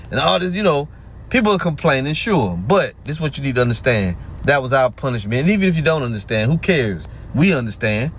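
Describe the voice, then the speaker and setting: A man preaching in a combative, taunting way, slowing down whenever he reads scripture aloud. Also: on the high side, a little hiss or hum, poor audio. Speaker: street preacher.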